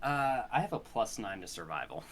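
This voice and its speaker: A man chatting as a player in a tabletop game, animated and quick. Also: lowish voice, slight background noise. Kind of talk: casual chat.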